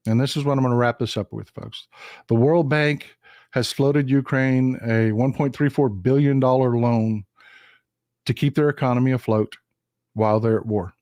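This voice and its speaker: A man with a Texan drawl talks straight to his live-stream audience, pressing his points with emphatic repetition. His voice sits at an ordinary middle pitch. The sound is dry and close, with no room around it. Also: fairly even intonation, moderate pace, a little mellow, no room sound. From Texas. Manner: emphatic, repetitive, addresses viewers as folks. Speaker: live-stream political commentator. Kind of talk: casual political monologue.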